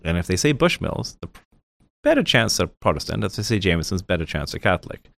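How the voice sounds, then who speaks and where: A man's voice: low-pitched, very animated, fast, creaky, fairly bright tone. A man, a guest with a professional clientele, chatting in an interview and telling joking anecdotes with lots of restarts. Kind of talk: casual interview chat.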